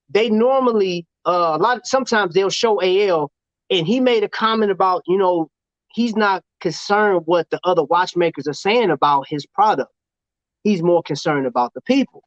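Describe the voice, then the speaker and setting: A man with a high voice hosts a casual livestream chat, slangy and animated, laughing often. The sound is dull and lo-fi, and dry with no room echo. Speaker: show host.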